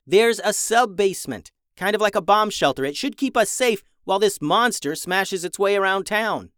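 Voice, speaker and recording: A man voicing an urgent, take-charge female tour guide in a children's story, talking in a hurried, directive way. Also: mid-range voice, lively intonation, a bit bright, no echo, clean studio sound, voice pushed up, close to an everyday voice.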